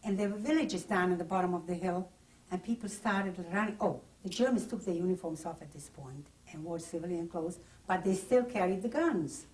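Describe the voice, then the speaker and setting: A woman's voice: lowish voice, a little fast, darkish tone. Older woman testifying from memory, plain and vivid, a bit distant on the tape. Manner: plain, vivid first-person recollection. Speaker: interviewee. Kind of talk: oral history testimony. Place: private home.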